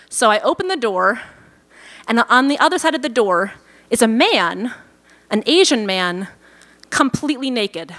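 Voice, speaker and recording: Woman storyteller, bright tone, slightly high voice, live on stage, animated. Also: normal speed, pauses often. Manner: animated and self-amused, acts out her own thoughts. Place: on stage at a live event in a bar venue.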